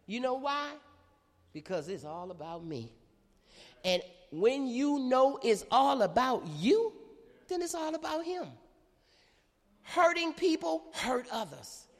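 A middle-aged woman preaches a call-and-response sermon, her voice fairly high and swooping all over. It rings out with a long reverb through a church hall. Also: big pitch swings, measured pace.

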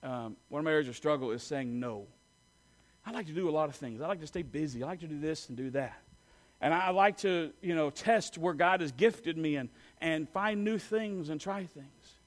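A man preaching to his congregation in a high, light voice. He talks conversationally, with fillers and quick self-corrections, and has the people repeat lines back to him. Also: animated. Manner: leads the congregation in call-and-response repetition. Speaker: pastor. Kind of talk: sermon.

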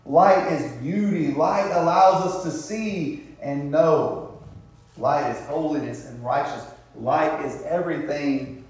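A man's voice: a little high, slow, darkish tone. A man preaching a sermon to a congregation, drawing out emphatic words and throwing in tag questions like "isn't it?". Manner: call-and-response preaching, rhetorical tag questions. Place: church sanctuary. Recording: very echoey room, voice far from mic.

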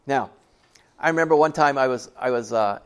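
A man's voice: mid-range voice, moderate pace, smooth. A man in his sixties preaching a sermon to a church congregation in a folksy, conversational way, often asking them questions. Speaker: pastor.

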